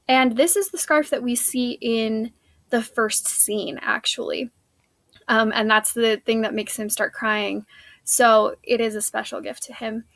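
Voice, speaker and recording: A woman's voice: on the high side, fairly even intonation, a little slow, a bit bright, no room sound. A woman teacher, recapping a play scene for her students in a casual, chatty way with many fillers.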